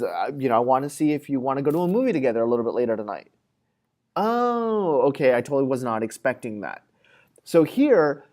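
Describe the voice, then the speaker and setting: A man's voice: fairly high pitch, dark tone. A man giving a classroom lecture, talking casually with fillers and acting out everyday scenarios in quoted voices. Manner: conversational with frequent fillers. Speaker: psychology lecturer.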